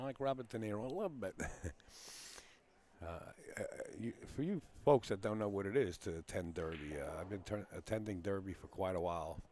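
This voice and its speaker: A man's voice: sits low, darkish tone. A man hosting a casual live stream from a pool hall, rambling and greeting viewers by name.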